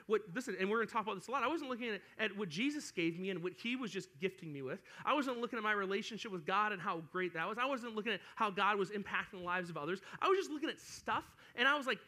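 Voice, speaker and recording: Young male youth pastor, high voice, animated storyteller who speaks straight to the kids. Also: fast. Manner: animated storytelling, addresses listeners directly. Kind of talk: interactive sermon to young kids.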